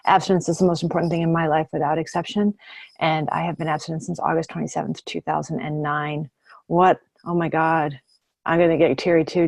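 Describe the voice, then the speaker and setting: Dark-voiced woman in her fifties, heartfelt. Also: sits low, vocal fry, no echo. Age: 50s. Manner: heartfelt, emotional, candid. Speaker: meeting member sharing. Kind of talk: twelve-step share.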